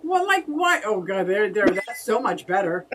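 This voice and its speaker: A woman's voice: mid-range voice, very animated, normal speed, background noise. Chatty giggly woman on a distant mic. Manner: chatty and giggly, reads out viewer comments. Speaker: co-host of a fish hobby live stream. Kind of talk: casual live-stream chat reading viewer comments.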